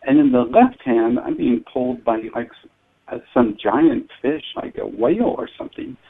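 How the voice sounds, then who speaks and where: A man's voice: medium pitch, big pitch swings, gravelly, husky. Man on a tinny phone line. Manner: hesitant, halting with many restarts. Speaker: guest dream expert. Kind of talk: storytelling on a talk show.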